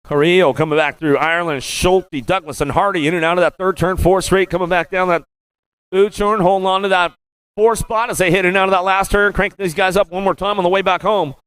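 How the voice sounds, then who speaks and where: A man calling BMX races live as track announcer, rattling off rider names in a rapid, rhythmic play-by-play and repeating stock phrases. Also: high voice, steady tone, fairly bright tone, clean tone, no echo. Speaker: race announcer. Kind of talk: live race commentary.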